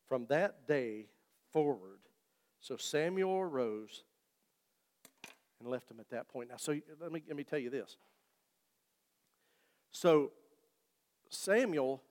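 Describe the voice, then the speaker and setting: A man preaches in a high, lively voice that swings up and down a lot. He talks to his congregation in a conversational, joking way, and his voice rings with the long reverb of a church hall. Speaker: pastor. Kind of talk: sermon. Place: church sanctuary.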